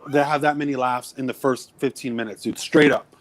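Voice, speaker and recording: A man's voice: medium pitch, fairly even intonation, brisk. A man co-hosting a podcast in casual chat, talking animatedly with lots of swearing and acting out movie lines. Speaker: podcast co-host.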